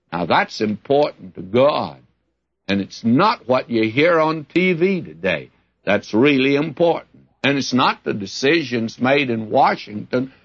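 A man's voice: mid-range voice, husky. A man teaching the Bible in a folksy, conversational sermon, asking rhetorical questions as he goes. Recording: dull lo-fi broadcast recording.

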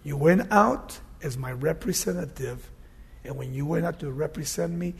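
A man voicing God as a stern but patient male deity, speaking in a calm, lowered, confiding way. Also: moderate pace, vocal fry, slightly rough, heavily acted.

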